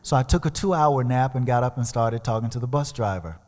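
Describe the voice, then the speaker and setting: A man's voice: mid-range voice, brisk, a little mellow. Man, guest speaker, storytelling sermon, dramatic, acts out voices, long church-hall reverb. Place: large church sanctuary.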